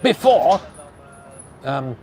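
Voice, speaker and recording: A man's voice: on the high side, big pitch swings, drawn-out words, a little mellow, exaggerated voice. A man voicing a pompous old-time male radio announcer with a grand, theatrical delivery.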